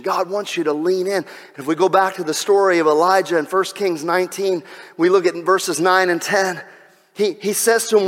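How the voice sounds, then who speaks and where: A man delivering a sermon, swinging between loud exhortation and hushed, almost whispered passages. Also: sits high, fairly even intonation, moderate pace. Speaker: pastor. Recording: long reverb of a large hall.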